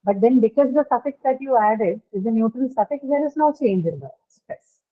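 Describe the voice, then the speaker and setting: A woman fast Indian English teacher over a tinny call. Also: fairly high pitch, animated. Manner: explanatory, checks understanding with "right?". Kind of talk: online class lecture. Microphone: video call. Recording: tinny phone-like line.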